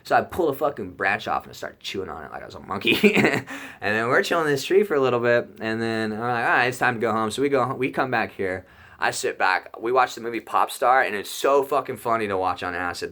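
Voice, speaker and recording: A young man telling a rambling personal story in a casual vlog, excitable and full of swearing and fillers. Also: on the low side. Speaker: YouTuber telling a trip story.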